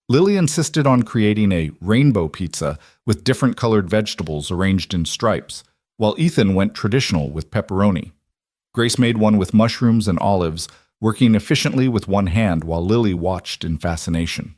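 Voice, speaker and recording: A man reading a scripted story aloud as narrator, in an even storytelling voice. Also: sits low, no echo, studio quality.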